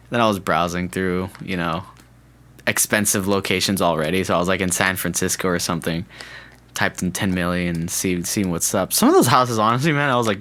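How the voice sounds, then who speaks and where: Rambling low-voiced male podcast host. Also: a little fast, bright, forceful tone. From California. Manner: rambling, self-correcting, jokey. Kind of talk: casual solo podcast chat.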